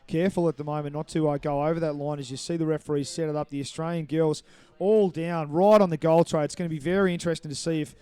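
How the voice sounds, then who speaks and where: Male play-by-play commentator, warm and smooth, slightly high voice, brisk explanatory calls. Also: fairly even intonation, dry recording. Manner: brisk, explanatory, apologetic over names. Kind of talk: live sports commentary.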